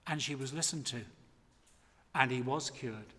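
A man's voice: medium pitch, measured pace, bright, forceful tone. An older man preaching an emphatic, impassioned sermon from the front of a church. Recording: long hall reverb.

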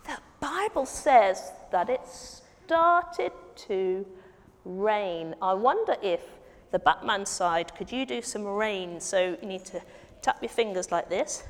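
A woman's voice: mid-range voice, big pitch swings, slow pace. A woman leading an interactive children's Bible story, coaxing the children to act along in a church hall. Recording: long hall reverb, faint noise.

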